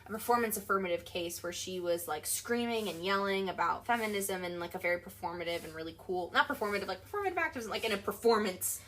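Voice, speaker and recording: Animated young woman guest, emphatic. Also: medium pitch, fast talker, hardly any pauses, a little hiss or hum. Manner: animated, emphatic, many fillers. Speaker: guest, accessibility advocate. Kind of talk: casual interview talk.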